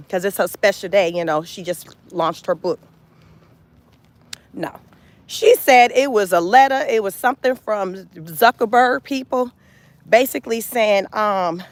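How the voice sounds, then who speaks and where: A woman's voice: mid-range voice, unhurried, long pauses, no echo. Chatty woman doing live commentary. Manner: animated, chatty, addresses viewers as y'all. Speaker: commentary vlogger. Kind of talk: casual live-stream commentary.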